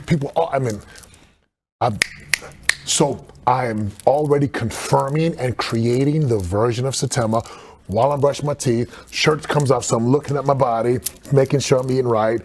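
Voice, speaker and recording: A man speaking as a podcast guest, telling stories in an earnest, animated way and acting out quotes. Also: medium pitch, moderate pace, slightly rough. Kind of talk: casual podcast conversation.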